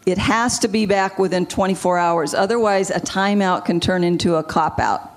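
A woman guest, a marriage counselor, giving advice in a measured way and explaining with example phrases. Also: lowish voice.

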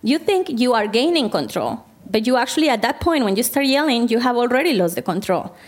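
Higher-voiced woman therapist teaching a group. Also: very animated, fairly quick. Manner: conversational, asks the audience questions. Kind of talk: Christian counseling talk to a group.

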